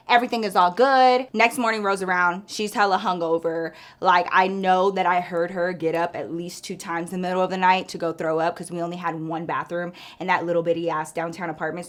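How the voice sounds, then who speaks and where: A woman's voice: mid-range voice, fairly bright tone. A woman spinning a story for her viewers in a loose, chatty way. Her talk is salty and profane, strung together with one filler after another. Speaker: storytime vlogger. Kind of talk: casual storytelling.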